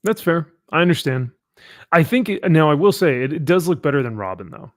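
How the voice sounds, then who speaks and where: A man hosting a live comic book chat show, animated and laughing often as he reads viewer comments. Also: fairly high pitch, a little fast. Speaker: host. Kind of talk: casual chat.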